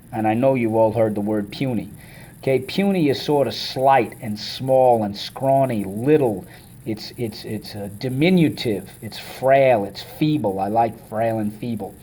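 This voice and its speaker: Man, teacher, vocabulary lesson, energetic, call-and-response, chants syllables, mid-range pitch. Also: a little slow, slightly rough.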